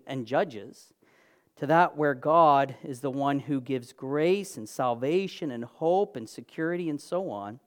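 A man preaching a sermon, earnest and emphatic, building phrases into lists. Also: a little high. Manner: occasional fillers and restarts, clears throat.

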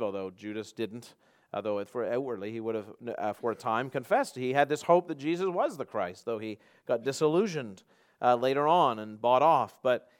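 A male pastor preaching a sermon, emphatic, swinging from loud passages to quiet ones, often repeating and restarting words. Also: medium pitch, clean tone.

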